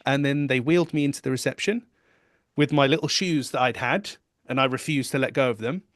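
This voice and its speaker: A man's voice: mid-range voice, a little fast, no room sound. Man, podcast guest, candid storytelling, middle-aged, dry close sound. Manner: candid, animated retelling with quoted inner thoughts. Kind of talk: personal storytelling.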